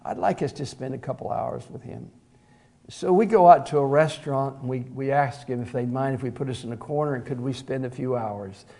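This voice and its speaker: A middle-aged man preaching in an easy, folksy way, telling a story to his congregation. His voice is mellow and warm, at an ordinary pitch for a man. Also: fairly quick, gravelly. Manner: folksy, conversational storytelling with fillers and repeated "he said". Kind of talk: sermon with storytelling.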